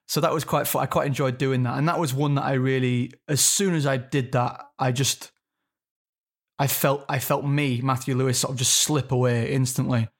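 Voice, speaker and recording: Thoughtful English actor guest. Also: male voice, medium pitch, flat delivery, moderate pace. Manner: thoughtful, restarts sentences often. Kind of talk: casual interview chat.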